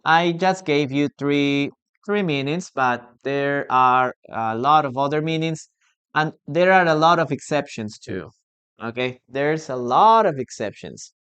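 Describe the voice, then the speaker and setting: English teacher, live online class, talks real slow, drills words over and over. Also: medium pitch, lively intonation, fairly bright tone, clean tone. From Peru. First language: Spanish. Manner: repetitive, drills pronunciation, asks the class questions.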